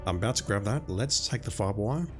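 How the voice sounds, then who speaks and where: Talking fast over music, this Australian streamer has a lowish, expressive voice. He chats casually with viewers by name as he plays, talkative and quick to make fun of himself.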